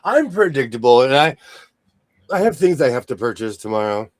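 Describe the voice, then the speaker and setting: A man hosting a casual sewing show chat, telling jokey stories in an animated way. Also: medium pitch, moderate pace, no echo. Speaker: host.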